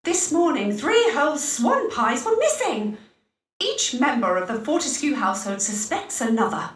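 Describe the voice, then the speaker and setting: Fussy gentlewoman, high voice, gossipy old-fashioned speech, echoey distant audio. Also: very animated, moderate pace. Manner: gossipy, theatrical olde-English speech. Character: fussy Elizabethan gentlewoman, indignant and excitable. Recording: distant roomy game audio.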